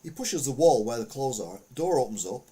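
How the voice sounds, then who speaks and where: A man's voice: mid-range voice, expressive, a little fast, warm tone, husky. A man, hosting a podcast of casual news commentary, rambling and chatty with lots of fillers. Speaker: podcast host.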